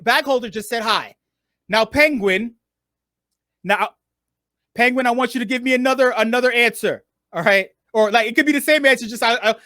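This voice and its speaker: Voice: mid-range voice, fairly bright tone, no room sound. Game show host hyping up a live online round, cussing and joking, dry close sound. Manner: playful, teasing, swears freely, stalls by drawing out words.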